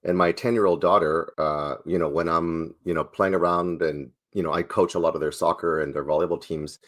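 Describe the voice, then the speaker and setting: A man in his forties, a sales trainer and former pastor, answering interview questions in a playful, energetic way. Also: sits low, a little fast.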